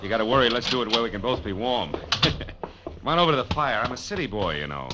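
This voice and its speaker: A man's voice: medium pitch, lively intonation, fast talker, heavy background noise, close to an everyday voice. A man playing a hard-boiled, wry private eye in a vintage radio drama, narrating and talking in a dry, wisecracking way. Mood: soothing. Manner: dry, wisecracking, soothing to others. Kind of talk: 1940s radio drama acting with first-person narration. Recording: lo-fi vintage radio broadcast with music.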